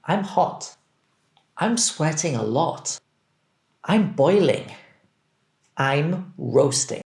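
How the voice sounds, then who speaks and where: A man teaching English, reading phrases deliberately and clearly so that learners can repeat them. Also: a little high, expressive, a little mellow. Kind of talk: scripted language drill. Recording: roomy echo.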